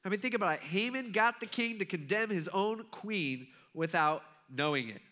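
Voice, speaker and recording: Brief: male pastor, high and bright voice, chatty and funny as he preaches. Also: animated, normal speed. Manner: conversational, humorous storytelling. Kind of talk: sermon.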